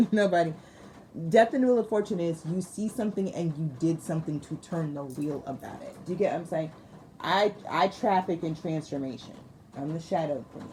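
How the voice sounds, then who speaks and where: A woman's voice: low voice, dark tone. A woman doing a casual tarot reading for her viewers, laughing often and repeating phrases for emphasis, with slangy talk. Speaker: tarot reader. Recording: noticeable background noise.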